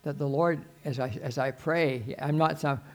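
An older man preaching a sermon as pastor, earnest and pleading, his voice swelling suddenly loud and then dropping soft. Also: on the high side, fairly even intonation, normal speed.

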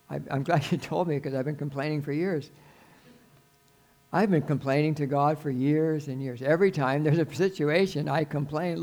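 An older man preaching a sermon as pastor, earnest and pleading, his voice swelling suddenly loud and then dropping soft. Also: a little high, steady tone, normal speed.

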